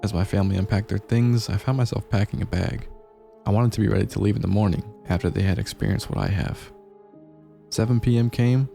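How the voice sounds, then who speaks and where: Man, scripted horror narration, low gravelly voice, dark tone, measured delivery, faint music behind. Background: faint gameplay music.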